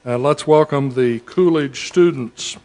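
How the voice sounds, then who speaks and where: Man district administrator, formal address, halting delivery with filler pauses, mid-range voice. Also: medium pitch, a little mellow. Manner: measured, with frequent "uh" pauses. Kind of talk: formal public speech. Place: school event audience setting.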